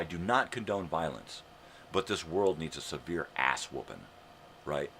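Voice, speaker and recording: Deep-voiced older man in a profane rant. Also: lively intonation, unhurried, a bit bright, slight background noise. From United States. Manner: profane, ranting, heavy swearing; sarcastic, mocking. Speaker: live show host. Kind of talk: live morning show monologue.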